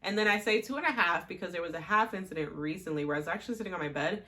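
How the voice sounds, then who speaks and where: A woman's voice: lowish voice, racing, pushed and bright. A young woman hosting a talk show, telling personal stories in a chatty way, full of fillers and little laughs. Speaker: podcast host. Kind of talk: casual personal storytelling.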